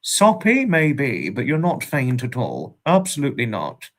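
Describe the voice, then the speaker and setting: A British livestream host chats affectionately with viewers, reading out their comments, calling them "darling" and chuckling often. He has a medium-pitched voice with big pitch swings and an unhurried pace.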